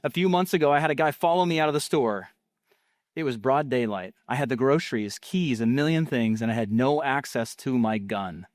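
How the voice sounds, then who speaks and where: A man reading an ad script aloud as a calm, direct woman, without an accent. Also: medium pitch, brisk, no echo, clean studio sound, close to an everyday voice. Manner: reads a sales script plainly, no accent.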